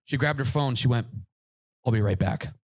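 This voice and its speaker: A man's voice: mid-range voice, moderate pace, no room sound. A man hosting a podcast, telling a comic story to a live audience and acting out the voices in it. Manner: animated, acts out voices in his anecdotes. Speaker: podcast host.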